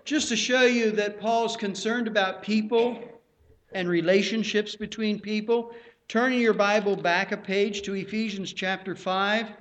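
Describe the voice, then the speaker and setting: Male pastor, unhurried pulpit delivery, higher voice. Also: fairly bright tone. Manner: slow, unhurried preaching with pauses and restarts. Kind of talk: sermon.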